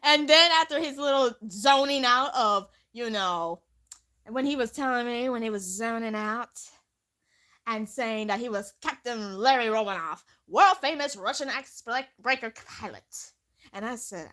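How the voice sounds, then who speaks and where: A woman telling a homemade story in a casual, dramatic way, swinging from hushed to loud. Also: a little high, measured pace.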